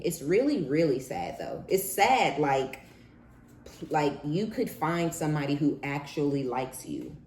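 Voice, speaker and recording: A woman's voice: low voice, mellow, roomy sound. A woman giving a casual tarot reading, blunt and profane, acting out the people she talks about. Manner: blunt, profane and dramatic, acts out quoted people. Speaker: tarot reader.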